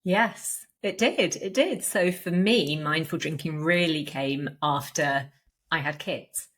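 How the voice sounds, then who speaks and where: A woman author answering questions as a podcast guest, friendly and measured. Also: sits low, fairly bright tone. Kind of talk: casual interview answers.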